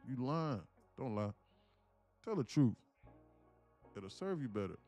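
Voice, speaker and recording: A man's voice: medium pitch, big pitch swings, slow, dark tone, faint music behind. A man live-streaming his day trading, chatting casually and joking while reading viewers' comments. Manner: joking, reads chat aloud, puts on slang voices.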